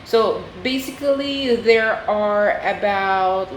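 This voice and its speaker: A woman teaching a Spanish lesson, slow and deliberate, repeating words for her students. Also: medium pitch, expressive, background noise. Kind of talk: oral recitation lesson. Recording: echoey room with faint ambience.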